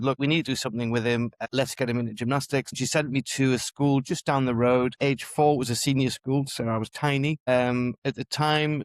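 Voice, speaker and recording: A middle-aged man recounts his sporting past in a relaxed podcast chat, drifting from one memory to the next and often restarting his sentences. He speaks at a medium pitch, recorded close and dry with no room sound. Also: no room sound. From England. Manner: rambling, restarts often, chuckles through anecdotes. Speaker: podcast guest, former gymnast and coach. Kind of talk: casual interview storytelling.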